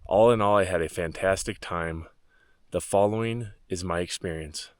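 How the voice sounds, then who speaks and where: Deadpan, low-voiced hiking man. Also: moderate pace, no room sound. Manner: dry deadpan humor. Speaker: hiking vlogger. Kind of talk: deadpan vlog narration. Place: outdoors on a mountain trail.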